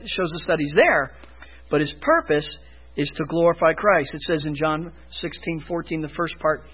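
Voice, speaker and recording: High, animated preaching man, lo-fi. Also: breathy edge. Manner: emphatic preaching, rising for emphasis and dropping low. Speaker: pastor. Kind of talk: sermon.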